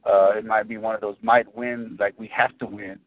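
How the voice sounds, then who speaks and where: A man's voice: fairly low pitch, moderate pace. Man, casual sports podcast chat, rambling, restarts, dry, tinny phone-like sound. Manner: rambling, restarts sentences, animated when explaining. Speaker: podcast co-host.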